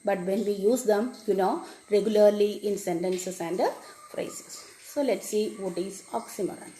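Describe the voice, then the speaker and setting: A woman teacher, explaining a poem to children and repeating each definition slowly. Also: mid-range voice, dark tone. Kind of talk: classroom lesson on a poem. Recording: echoey room with faint background noise.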